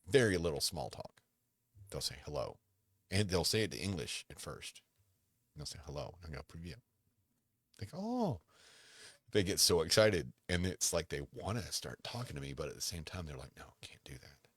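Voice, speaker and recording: A man's voice: low-pitched, big pitch swings, normal speed, fairly bright tone, breathy edge, no echo. A man hosting a podcast, chatting casually on his own in a rambling, self-interrupting way with dry humor. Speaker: podcast host. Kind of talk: casual solo chat.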